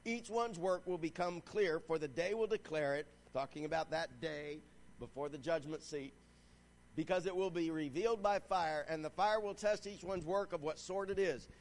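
A pastor preaches a sermon at a normal speed, his voice pitched high for a man. He reads scripture aloud and urges the congregation on with growing fervor, often calling for an "Amen."

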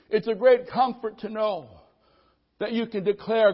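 A man preaching a sermon as pastor, calling for amens from the congregation and swinging from loud declarations to soft, low asides. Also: steady tone, measured pace, dull audio. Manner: preaching with call-and-response amens, voices people's worries.

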